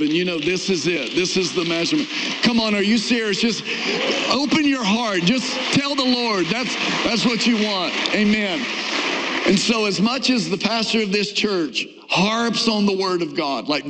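Emphatic high-voiced preacher in a reverberant hall. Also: male voice, fairly bright tone. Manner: emphatic, rises in pitch for emphasis, drawn-out stresses. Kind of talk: sermon. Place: church sanctuary.

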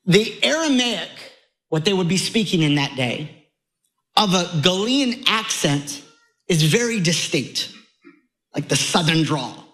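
Guy preaching in church, high voice, chatty and animated, keeps jumping up in pitch. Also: measured pace, rough recording. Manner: animated, conversational preaching with sudden rises in pitch. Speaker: pastor. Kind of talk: sermon.

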